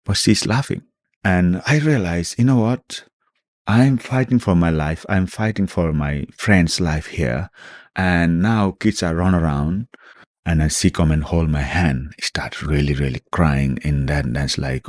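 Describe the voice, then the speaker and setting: A middle-aged man from Nepal with a Nepali accent, a guest in an interview, speaking earnest, halting English full of "you know" fillers. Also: a bass voice, darkish tone, dry recording, clean studio sound. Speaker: guest, former special forces soldier. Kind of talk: reflective interview answers.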